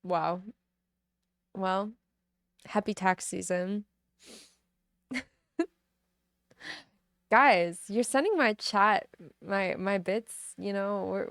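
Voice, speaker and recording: A woman's voice: medium pitch, slow, vocal fry, long pauses, dry recording, studio quality. A young woman streaming live, chatting with her viewers between giggles and reading a novel aloud. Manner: giggly, chatty, reacting to chat messages. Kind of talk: casual live-stream chat with book reading.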